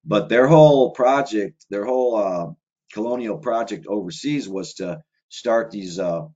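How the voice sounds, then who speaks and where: Low-voiced man, rambling and conversational. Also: unhurried, darkish tone, muffled recording. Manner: rambling, run-on delivery with many filler words. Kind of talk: casual conversational monologue.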